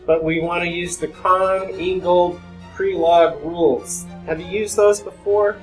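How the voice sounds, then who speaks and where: A man's voice: high voice, steady tone, measured pace, faint music behind, rough recording. A man teaching organic chemistry in a classroom, casually explaining and asking his students questions. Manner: conversational, addresses students with questions. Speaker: chemistry lecturer. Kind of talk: classroom lecture.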